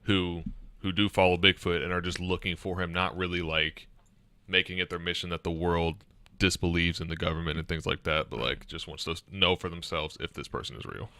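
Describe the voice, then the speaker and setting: A man co-hosting a casual chat, who laughs loudly and gives short reactions. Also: low-pitched, steady tone, a little fast, hardly any pauses, clear, resonant tone, dry recording. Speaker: podcast co-host.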